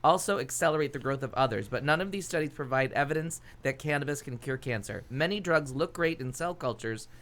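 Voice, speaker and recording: Dry-witted co-host, mid pitch. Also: animated, a bit bright. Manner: reads out news in a measured way, then dry quips. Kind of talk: casual comedic banter.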